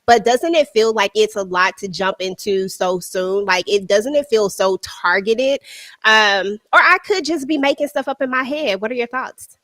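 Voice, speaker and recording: A woman's voice: medium pitch, normal speed, a bit bright, no echo. A woman hosting a casual panel discussion over a video call, chatty and putting questions to her co-hosts. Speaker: discussion host.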